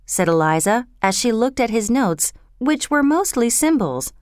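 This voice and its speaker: A woman narrating a storybook chapter in a measured, expressive reading. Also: mid-range voice, clear, resonant tone, dry recording, studio quality.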